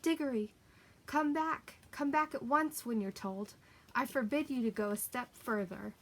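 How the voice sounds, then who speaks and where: A woman doing a shrill, scolding old man. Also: measured pace. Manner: shouting shrilly from afar.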